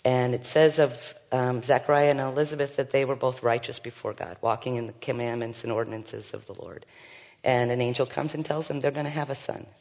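A man's voice: mid-range voice, fairly even intonation, fairly quick, darkish tone. A man leading a Bible study, reading scripture aloud and commenting with frequent fillers and asides. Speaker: Bible teacher. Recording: dull sound with long hall reverb.

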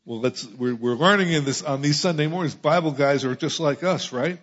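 Husky middle-aged guy preaching, chatty sermon, gets loud then drops low, muffled sound. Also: normal speed. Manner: conversational preaching, rising emphasis, asides and chuckles. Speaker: pastor.

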